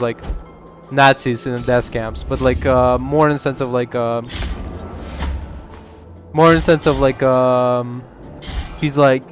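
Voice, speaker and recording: A man streaming a game, rambling casually with lots of swearing, laughter and filler words. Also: mid-range voice. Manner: rambling, profane, laughs a lot, many fillers. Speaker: gaming streamer. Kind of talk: casual gameplay commentary.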